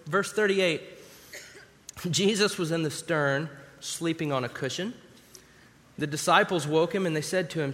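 A man's voice: on the high side, normal speed, pauses often, fairly bright tone. A man preaching a sermon in a conversational way, acting out scenes from scripture as he reads. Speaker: pastor. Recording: long hall reverb.

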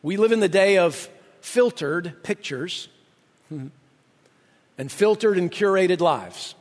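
A male pastor delivers an emphatic sermon in a strikingly high voice. He reads scripture aloud with building conviction. His voice rings through a hall with a long reverb tail. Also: expressive, takes it slowly.

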